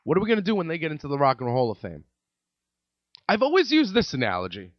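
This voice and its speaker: His pitch is fairly high and swings wildly as he talks quickly through a sarcastic comedic rant on his podcast, hammering the same points again and again. The sound is dry, dull and lo-fi.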